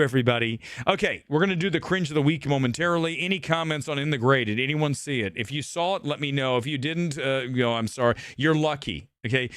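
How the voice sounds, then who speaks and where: A middle-aged man rants bluntly and profanely as he hosts a live movie-talk stream. His voice sits a little high and swings widely in pitch. The sound is dry and close. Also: dry recording. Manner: blunt, profane, animated ranting. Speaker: host.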